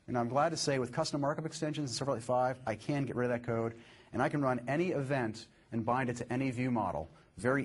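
Clicking through his code in a live software demo, a man explains each step in an upbeat way. His voice is medium-pitched and slightly rough.

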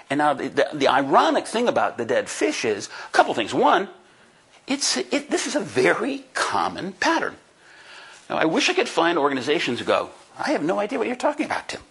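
Husky older guy in his sixties, folksy and emphatic, giving a talk to an audience. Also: a little high, a bit bright. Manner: emphatic and folksy, with frequent "right?" asides. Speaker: conference speaker and book co-author. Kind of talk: lively presentation to an audience. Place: talk before a live audience.

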